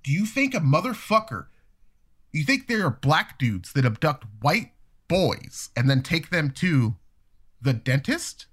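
Animated profane man telling stories. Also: fairly high pitch, measured pace. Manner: animated, profane storytelling with acted-out voices. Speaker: podcast co-host telling stories. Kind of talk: casual chat.

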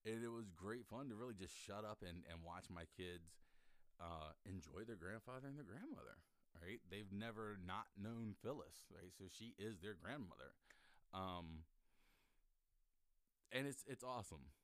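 A middle-aged man hosting a podcast, telling a personal story in an animated way, often restarting his sentences and acting out what people said. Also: on the low side, moderate pace, dry recording, studio quality. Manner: animated, acts out quoted voices, frequent restarts. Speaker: podcast host.

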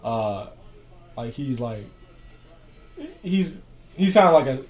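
A young man chatting casually at an ordinary middle pitch. He rambles, piling on fillers and "I was like" as he tells a story. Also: big pitch swings, takes it slowly, a little mellow. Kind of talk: casual chat.

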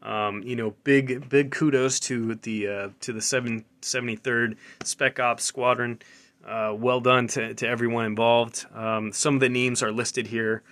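A man's voice: medium pitch, little pitch movement, unhurried, fairly bright tone. A man hosting a casual military news show, reading items aloud with loose, chatty commentary, stumbling over words and breaking into laughter as he reads.

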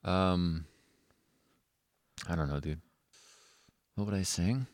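A man's voice: low-pitched, takes it slowly, no echo. A young Canadian man co-hosting a podcast, joking around in casual chat, swearing casually and laughing often. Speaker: podcast co-host.

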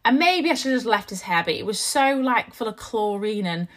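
A woman's voice: on the high side, animated, a little fast, fairly bright tone. A young woman, chatting casually to viewers and telling a story at length, full of "like" and restarts. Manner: chatty, rambling, heavy use of "like". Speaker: mum vlogger.

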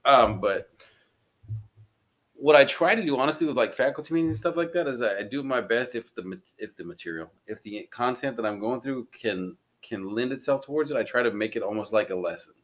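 A man's voice: medium pitch, fairly quick. A man who works in schools, chatting loosely on a podcast, with lots of fillers and wry asides. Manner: rambling, filler-heavy, wry. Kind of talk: casual chat.

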